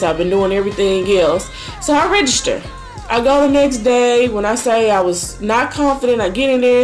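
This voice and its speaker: A young woman vlogger casually telling a personal story to camera, acting out her own thoughts with lively shifts in voice. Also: on the high side. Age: young adult.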